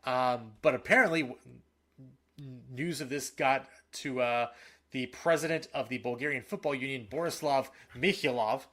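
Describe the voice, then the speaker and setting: A man co-hosting a casual sports podcast. He talks in an animated, opinionated way and often restarts his sentences. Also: mid-range voice, normal speed. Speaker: podcast co-host.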